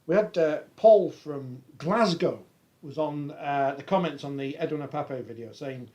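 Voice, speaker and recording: A man's voice: a little high, measured pace, a little mellow. An English man co-hosting a rugby league podcast, chatting casually and reading out viewer comments. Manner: reads viewer comments aloud, conversational. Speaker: podcast co-host. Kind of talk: casual panel chat.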